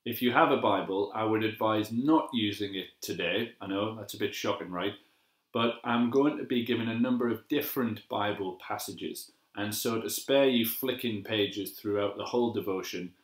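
A man giving a gentle, measured devotional sermon as a pastor, slowing down to repeat key phrases. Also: on the low side. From England. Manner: gentle, measured and reflective, with slow emphatic repetitions. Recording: echoey room.

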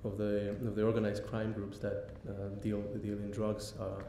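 Male lecturer, hesitant delivery, dark tone; echoey hall recording. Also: completely flat delivery. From Mexico. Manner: halting, many ums and restarts. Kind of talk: public lecture. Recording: echoey hall, faint rumble.

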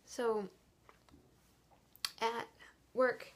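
A woman's voice: a little high, flat delivery, extremely slow, a little hiss or hum. Tired young woman venting half-whispered. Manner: hushed, half-whispered talk; rambling, frustrated venting. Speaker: vlogger. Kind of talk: casual vlog monologue.

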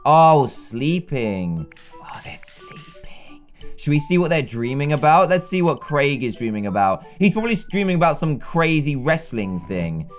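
A man giving chatty, excitable let's-play commentary and talking to the game characters. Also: a little high, moderate pace, few pauses, soft background music. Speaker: gaming YouTuber.

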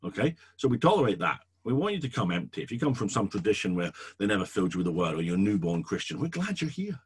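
A man's voice: lowish voice, fast talker, slightly rough. A middle-aged male pastor teaching a sermon to church leaders, emphatic and repetitive in his delivery. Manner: emphatic, repetitive, animated preaching.

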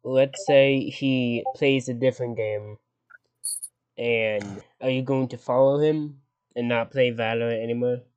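A man voicing a fake doctor who questions a patient in a slow, hesitant way, in an improvised comedy role-play. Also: mid-range voice, fairly even intonation, darkish tone, smooth, dull audio, lightly acted. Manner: slow and hesitant, stumbling restarts.

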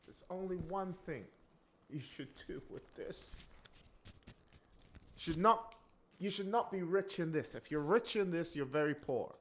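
A man preaching a sermon in an emphatic way, repeating key lines and swinging from loud declarations to hushed asides. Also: fairly high pitch.

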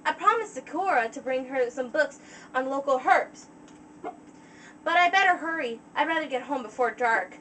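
Woman reading as a gentle young unicorn. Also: high-pitched, animated, moderate pace, recorded from a distance, a little hiss or hum, poor audio. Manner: gentle, cautious. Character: kind, sensible young female unicorn.

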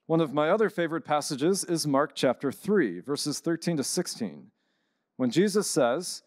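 A man, a priest, giving a conference talk and telling a story, lively and acting out the people he quotes. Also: fairly high pitch, normal speed, dry recording, clean studio sound. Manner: animated storyteller, acts out quoted voices.

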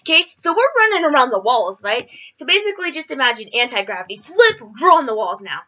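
Woman vlogger, lively swooping pitch, chatty rambling storyteller who acts out quotes. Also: fast talker, highs cut off. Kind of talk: casual storytelling.

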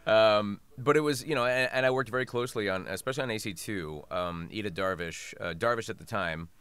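A man's voice: on the low side, brisk, fairly bright tone, clean tone, no echo. A man talking as a voice actor guest in a casual interview, chatty and laughing often.

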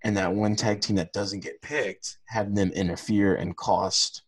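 A man's voice: fairly low pitch, steady tone, measured pace, husky. A man co-hosting a podcast, talking casually and rambling with lots of fillers and restarts. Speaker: podcast co-host. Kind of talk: casual chat.

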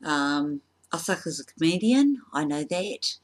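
A woman doing a casual comedy vlog, self-deprecating and halting with frequent ums. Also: low-pitched, big pitch swings. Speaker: vlogger.

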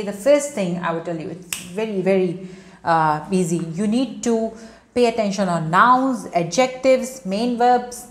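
Emphatic teacher, echoey room. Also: female voice, medium pitch. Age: 30s. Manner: repetitive, emphatic, addresses students directly. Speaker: English teacher. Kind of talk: online spoken English lesson.

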